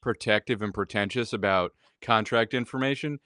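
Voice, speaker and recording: A man's voice: fairly low pitch, normal speed, fairly bright tone, no room sound. Chatty man in a dry room. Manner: loose, chatty, many fillers. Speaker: podcast co-host. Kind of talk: casual sports podcast chat.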